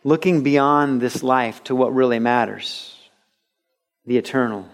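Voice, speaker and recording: Heard on a radio broadcast of a recorded sermon, a pastor preaches in a mid-range voice, a touch slow. He tells stories and brings the quotes to life, animated throughout.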